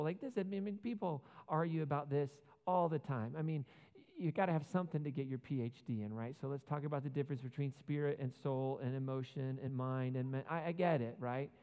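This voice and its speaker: A man's voice: a little high, warm tone. A man preaching a sermon in a conversational, earnest way, with casual asides and rhetorical questions to the congregation. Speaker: pastor. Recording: muffled sound with long hall reverb.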